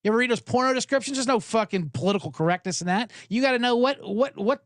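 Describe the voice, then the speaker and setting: A man hosting a sports podcast, telling a comedic rant, profane and animated, acting out both sides of an argument. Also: high voice, fast talker, no echo, studio quality.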